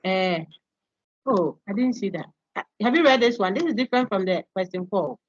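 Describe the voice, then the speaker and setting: A woman's voice: medium pitch, animated, moderate pace, dull audio. A woman lecturer going over quiz answers in an online class, explaining each option step by step and calling on students to read. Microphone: video call.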